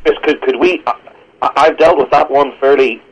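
A man's voice: medium pitch, fairly even intonation, husky. A man with a British accent, a pastor and guest, explaining theology earnestly and quoting scripture over a phone line. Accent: British English. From Britain. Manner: earnest, measured, quotes scripture with stumbles.

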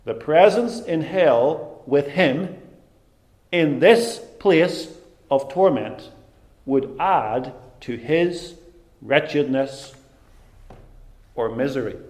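A man preaching a sermon, deliberate and emphatic, with dramatic pauses. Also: a little high, reverberant.

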